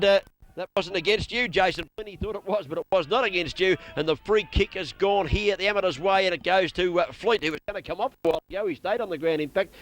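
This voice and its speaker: A man with an Australian accent calling local football play by play, excitable and rapid. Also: high voice, dry recording. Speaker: play-by-play commentator.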